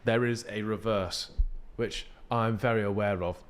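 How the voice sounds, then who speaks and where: A man's voice: on the low side, steady tone, measured pace, clear, resonant tone. A young British man co-hosting a podcast, chatting in a laid-back, rambling way with frequent restarts. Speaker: podcast co-host. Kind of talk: casual chat.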